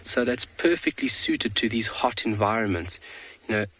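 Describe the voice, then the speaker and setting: A man hosts a live safari broadcast outdoors, patiently answering viewer questions about the animals in front of him. His voice sits slightly low and stays friendly and explanatory. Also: expressive, moderate pace, sharp tone. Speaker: safari guide. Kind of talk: live wildlife commentary.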